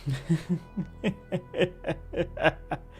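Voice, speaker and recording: A man's voice: a little high, fairly even intonation, very slow, a little mellow. A man streaming live, chatting casually with his viewers in a playful, rambling way. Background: faint music.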